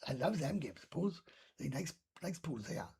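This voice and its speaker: A man's voice: on the high side, very animated, normal speed, vocal fry, mellow, husky. A Welsh man from Wales doing a casual live stream chat, rambling and ranting with heavy swearing.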